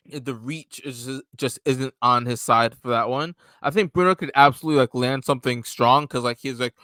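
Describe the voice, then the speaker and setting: A man's voice: mid-range voice, bright, forceful tone, clean tone, no room sound. A young man co-hosting a casual sports podcast, rambling through his picks with lots of fillers. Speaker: podcast co-host.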